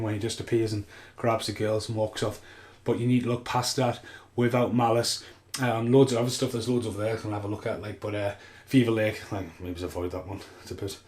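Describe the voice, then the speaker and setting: Hosting his own channel, a man chats casually, rambling and poking fun at himself. His voice sits in the mid-range and moves fairly quickly.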